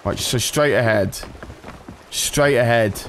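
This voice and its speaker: A man's voice: medium pitch, takes it slowly, a little hiss or hum. A man commentating live as he plays, swearing and talking to his chat. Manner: swearing, frustrated, talks to chat. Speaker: gaming streamer.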